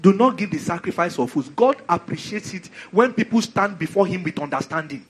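Nigerian man, preacher, husky voice, slightly high pitch, lively sermon, soft music behind. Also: fairly quick. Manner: animated, conversational, many rhetorical questions.

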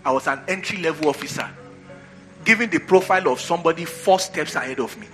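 Bright-voiced preacher with faint music. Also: male voice, on the high side, fast talker. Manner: call-and-response preaching, repeats phrases for emphasis. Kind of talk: sermon.

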